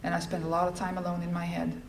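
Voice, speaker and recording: A middle-aged woman giving a personal testimony at a recovery fellowship event, telling her story in a lively way and acting out the lines she quotes. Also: on the low side, quick pace, background noise. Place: large event hall. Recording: echoey hall with faint ambience.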